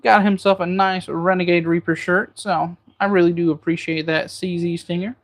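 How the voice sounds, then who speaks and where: A man's voice: sits high, steady tone, moderate pace, a bit bright. Jokey man chatting while he cooks. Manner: jokey banter, reading viewer comments aloud. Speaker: livestream host. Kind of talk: casual livestream chat while cooking.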